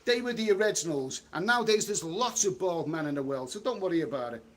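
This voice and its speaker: A man's voice: fairly high pitch, animated. Blunt chatty man livestreaming. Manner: blunt, chatty, quick to snap at trolls. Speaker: travel vlogger reading live chat. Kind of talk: casual livestream chat. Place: outdoors on a city street.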